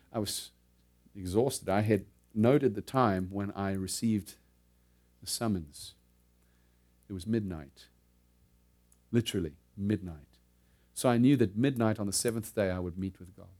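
A middle-aged man preaching a sermon. He tells a personal story, moving from loud, emphatic preaching to low, hushed narration, and laughs between lines.

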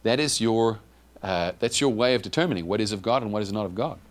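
A man preaching a sermon in a conversational, animated way, with asides to the congregation and frequent restarts. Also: lowish voice, quick pace.

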